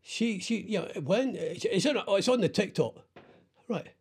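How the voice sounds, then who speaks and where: A man's voice: high-pitched, animated, husky. Rambling man hosting radio. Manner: rambling, self-deprecating, halting with many fillers. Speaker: radio host. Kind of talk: casual radio chat.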